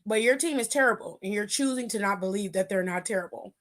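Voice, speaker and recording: A woman's voice: medium pitch, quick pace, fairly bright tone. A young woman hosting a casual wrestling aftershow stream, sassy and chatty, talking back to her chat and calling viewers pet names.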